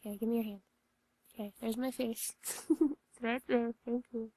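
Breathy woman in a whispered role-play. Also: a little high, level tone. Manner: soft, slow and reassuring, guiding a visualization. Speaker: comforting partner in ASMR role-play.

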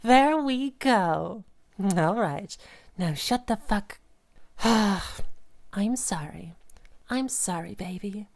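A woman playing a volatile, obsessive young woman in an audio role-play monologue, swinging between sweet cooing and sudden rage with breathy, hushed asides. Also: mid-range voice, animated, extremely slow, long pauses, full character voice. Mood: tender menace. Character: volatile, obsessive young woman who holds her partner captive.

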